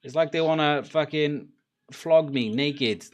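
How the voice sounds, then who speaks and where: A man's voice: on the high side, measured pace. Chatty Cardiff-accented man. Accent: Cardiff Welsh. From Wales. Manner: chatty, rambling, swears freely. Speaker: livestream host. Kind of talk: casual livestream chat.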